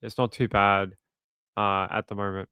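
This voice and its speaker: A man with an Australian accent hosting a livestream and reading viewer comments in a relaxed way. He repeats himself often and chuckles between thoughts. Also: on the low side, moderate pace, clean tone, no echo. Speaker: livestream host. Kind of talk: casual live chat reading viewer comments.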